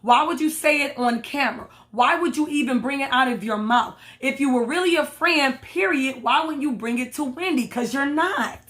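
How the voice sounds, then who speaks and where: A woman's voice: high-pitched, normal speed, hardly any pauses, a bit bright. Sassy, cussing woman recapping reality TV. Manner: sassy, blunt, swears a lot. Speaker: reality TV reviewer. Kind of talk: casual recap commentary.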